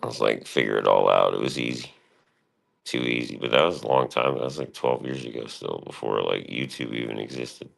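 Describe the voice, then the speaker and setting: A man's voice: a bass voice, brisk, creaky. A man streaming live, rambling casually and profanely about his past and his show, often quoting himself.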